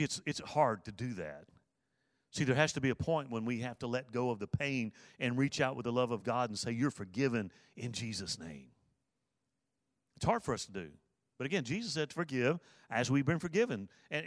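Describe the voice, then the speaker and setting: A man's voice: mid-range voice, lively intonation, normal speed, long pauses, no room sound, studio quality. A man preaching a sermon, earnest, repeating his key phrases for emphasis. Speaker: pastor.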